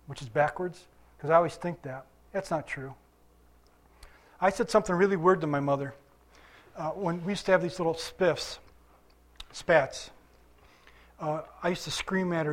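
High-voiced man preaching to a congregation. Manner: conversational preaching, quizzing the congregation. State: recovering from illness. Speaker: pastor. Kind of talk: sermon.

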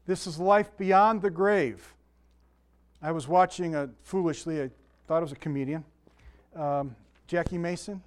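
A man with a notably high voice delivers a sermon in a loose, conversational way. He reads the verses, then wanders into chatty asides and little self-deprecating jokes before coming back to his point. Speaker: pastor.

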